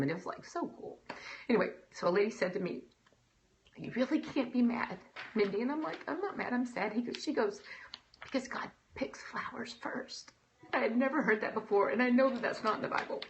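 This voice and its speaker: A woman, speaking emotionally and animatedly to an audience. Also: on the low side. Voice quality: emotional, animated, breaks into quoted voices. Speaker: speaker giving a talk. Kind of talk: personal talk to an audience.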